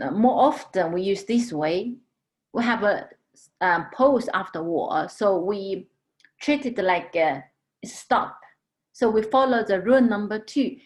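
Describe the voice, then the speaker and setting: A woman teaching a language lesson, patiently explaining tones and drawing out model words slowly. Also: medium pitch. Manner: slow, patient, drawn-out model pronunciations.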